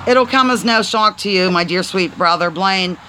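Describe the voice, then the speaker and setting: Playful woman rambling on a live stream, bright sharp voice, trips over words. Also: mid-range voice, moderate pace, a little hiss or hum, poor audio. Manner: chatty and playful, stumbling over words aloud. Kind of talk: casual live-stream chat. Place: on a porch, outdoors.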